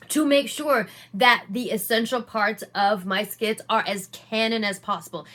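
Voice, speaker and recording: Woman comedian, profane exasperated rant, high voice, bright and sharp. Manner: exasperated, profane, animated ranting. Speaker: comedian and sketch creator.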